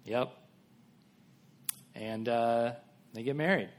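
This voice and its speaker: Here the pastor speaks slowly at a medium pitch. His sermon feels like a conversation, and he acts out Bible characters in everyday voices.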